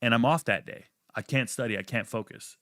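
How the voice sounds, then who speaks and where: A man telling a personal story in a casual, animated way, swearing freely and acting out what people said. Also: a little fast, no room sound, clean studio sound. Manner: animated, profane, acts out quotes with jumps in pitch.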